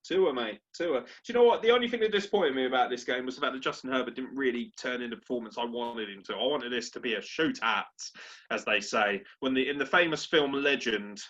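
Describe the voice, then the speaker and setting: A man's voice: mid-range voice, fairly quick, a bit bright, dull audio. A man hosting a sports podcast in casual, crude, jokey chat, swearing freely. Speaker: podcast host.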